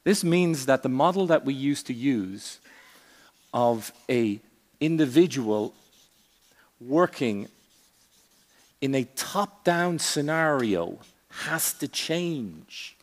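A man giving a conference keynote speech on a stage, with a theatrical, varied delivery, long pauses and punchy asides. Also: mid-range voice, lively intonation, long reverb tail. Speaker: keynote speaker.

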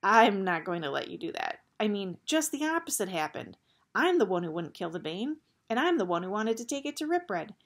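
A woman's voice: mid-range voice, lively intonation, normal speed. A woman voicing a stubborn, earnest young boy who talks in plain, blunt words. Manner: plain, blunt everyday speech.

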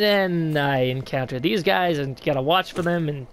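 A man's voice: a little high, normal speed, a little hiss or hum. A young man giving casual gaming commentary, offhand and self-mocking, swearing freely as he plays. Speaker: let's player.

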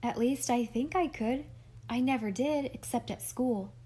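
A woman doing a high, earnest little girl. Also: unhurried, dark tone, slightly rough. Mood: eager. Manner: complaining, eager. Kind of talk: audiobook character reading.

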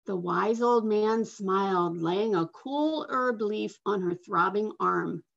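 A woman slowly and expressively reading a picture book aloud to children over a video call. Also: mid-range voice, creaky. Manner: slow, expressive storytelling with soft asides. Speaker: guest reader. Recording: dull lo-fi video call audio.

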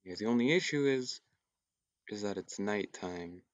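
A young man in casual gameplay commentary, thinking aloud in a hushed, often whispered voice, repeating himself as he works things out. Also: lowish voice, lively intonation, unhurried, dry recording, lo-fi sound. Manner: thinks aloud, repetitive and tentative. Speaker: gaming YouTuber.

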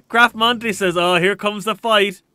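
A man's voice: sits high, sharp tone, dry recording. An Irish man chatting casually while streaming a game, reading out viewer comments in a rambling, restart-prone way.

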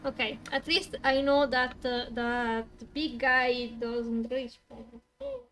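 A high, bright-voiced woman, a native Italian speaker, streams a game from home, talking slowly. She swears at enemies and laughs between lines. A faint hiss of noise sits under her desk mic. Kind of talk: casual gaming stream.

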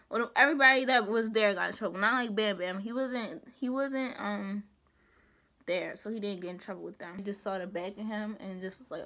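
A young woman vlogger chatting casually, emphatic and animated with rhetorical asides. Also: medium pitch, a little fast. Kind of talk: casual commentary chat.

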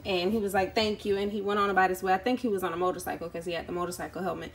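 A woman's voice: mid-range voice, steady tone, rapid-fire, a little hiss or hum. A woman vlogging casually at home, telling a long story with lots of ums and acting out the people she met. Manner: chatty, many ums, acts out quoted people. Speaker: YouTube vlogger. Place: indoors at home.

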